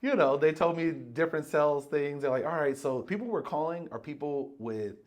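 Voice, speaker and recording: Animated storytelling man, podcast co-host. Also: fairly high pitch, fairly quick. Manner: animated, acts out quoted voices, swears freely. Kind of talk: casual storytelling chat.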